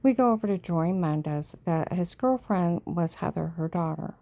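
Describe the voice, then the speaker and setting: Gravelly, dark-voiced woman telling her story. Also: on the low side, lively intonation, moderate pace. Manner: emotional, often drops to a hushed near-whisper; checks in with the listener by asking "okay?". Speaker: storyteller recounting her own past. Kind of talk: casual personal storytelling.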